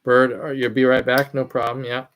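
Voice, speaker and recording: A man's voice: mid-range voice, level tone, normal speed, a bit bright, slight background noise. A man from California hosting a hobby livestream, talking loosely and rambling as he answers chat messages aloud.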